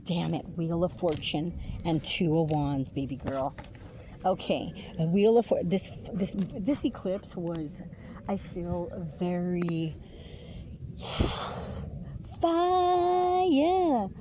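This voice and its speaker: A woman's voice: fairly low pitch, slow pace, background noise. A woman giving a casual tarot reading, chatty and laughing often, swearing freely between many fillers. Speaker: intuitive tarot reader.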